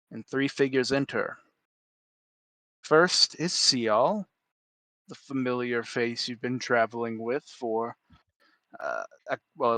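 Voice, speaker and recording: A man's voice: medium pitch, fairly bright tone, dry recording. A man narrating as game master of a tabletop game, descriptive and laughing often.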